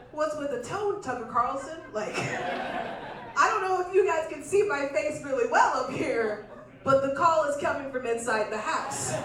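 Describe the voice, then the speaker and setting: Playful and high-voiced, a woman does stand-up in a club, acting out quotes in exaggerated voices as the audience laughs. The echoey room is miked from afar.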